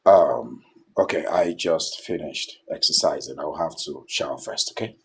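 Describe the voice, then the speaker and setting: A man's voice: a bass voice, normal speed, slight background noise. A Nigerian man in a film drama, talking casually and complaining. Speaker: housemate of the woman's boyfriend.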